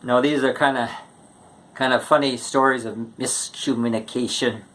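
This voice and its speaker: A man tells one short joke after another in a relaxed, casual way. His voice sits at an ordinary middle pitch, and he takes his time, leaning on pauses before each punchline. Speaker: joke teller.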